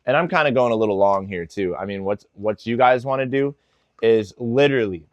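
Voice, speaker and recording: A man's voice: mid-range voice, brisk, lo-fi sound. A man working as a dog trainer, giving casual instructional tips with lots of "like" and "you know".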